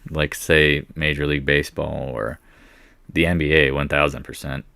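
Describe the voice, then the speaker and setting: Low smooth-voiced male market streamer. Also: normal speed, no room sound. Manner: rambling, jumps to excited outbursts at price moves. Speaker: market commentary livestream host. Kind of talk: live market commentary, chatting with viewers.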